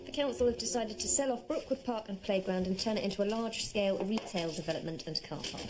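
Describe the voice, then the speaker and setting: A woman's voice: mid-range voice, fast talker, over music, natural voice, poor audio. An actress playing a principled wife and mother who scolds her husband. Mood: indignant. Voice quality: reproachful. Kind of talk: TV drama acting.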